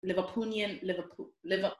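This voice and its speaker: A woman's voice: medium pitch, steady tone, fairly quick, roomy sound, very noisy. A woman interviewing a guest in a friendly, encouraging way. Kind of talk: casual interview chat.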